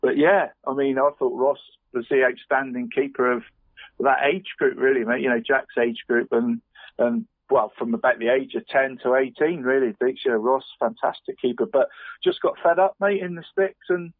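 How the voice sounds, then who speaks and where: A man's voice: mid-range voice, steady tone, moderate pace, no room sound. A man runs through weekend football scores in a loose, chatty, rambling way. His voice comes through dry and tinny, like a phone line, in the middle of the male range. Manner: rambling and chatty, constantly adding "mate". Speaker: radio football results presenter. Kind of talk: casual radio sports round-up.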